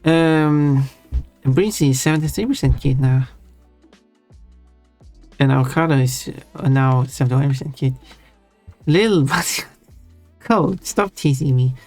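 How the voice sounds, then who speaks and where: A man's voice: mid-range voice, measured pace, pauses often, no echo. A man chats casually on a live stream and answers his viewers. He rambles and often restarts his words. His voice sounds close and dry, with faint chill music playing under it. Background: soft chill music.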